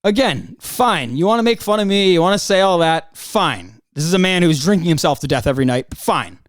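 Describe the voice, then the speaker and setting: A man's voice: sits high, expressive, fairly quick, no echo, studio quality. Profane, heated young man ranting. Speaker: podcast host. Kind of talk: angry solo podcast rant.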